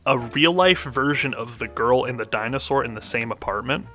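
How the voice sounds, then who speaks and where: A young man co-hosting a podcast casually recaps an anime plot, rambling along with plenty of fillers and laughter. His mid-range voice is expressive and sharp, at a normal pace, with soft music playing in the background.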